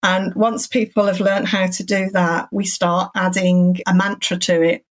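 Woman guest, calm and encouraging, mid pitch, talks at length. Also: a little slow. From England. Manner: calm, encouraging, rambling explanations. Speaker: cancer support centre guest. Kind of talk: podcast interview.

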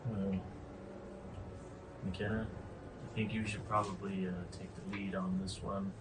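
A man's voice: deep voice, little pitch movement, unhurried. A man at a game table speaking in a hesitant, understated way. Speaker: player. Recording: distant mic with noticeable background noise.

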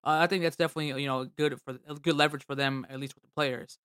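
A man's voice: fairly high pitch, fairly even intonation, very fast, fairly bright tone, clear, resonant tone, no room sound, studio quality. A man hosting a casual sports talk show, loose and rambling with many fillers. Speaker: sports podcast host.

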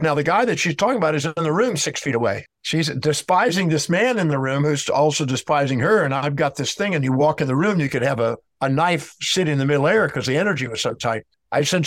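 This speaker on emotional healing has a slightly high male voice, captured with no room sound. In an interview, he tells a story, lectures forcefully, and voices both sides of a dialogue himself.

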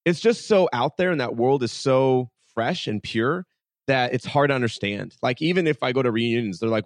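A man's voice: mid-range voice, brisk, no echo. A man, a podcast guest, telling stories casually and animatedly, acting out the dialogue and saying "like" a lot. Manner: animated, acts out dialogue with many "like"s. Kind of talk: casual storytelling interview.

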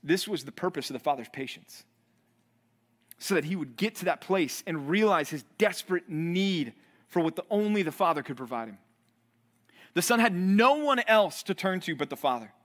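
Pastor, male, higher-pitched, animated sermon delivery with acted-out voices. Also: normal speed. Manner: animated, acts out quoted voices.

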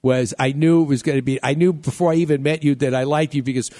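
A man hosting a talk show, enthusiastic and quick to laugh along with his guest. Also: mid-range voice, fairly even intonation, warm tone.

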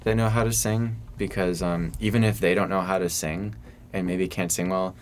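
A young man from Michigan, a student songwriter, answering interview questions casually in a soft, hesitant way full of fillers. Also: low-pitched, little pitch movement, moderate pace, a little hiss or hum. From Michigan, USA. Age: young adult.

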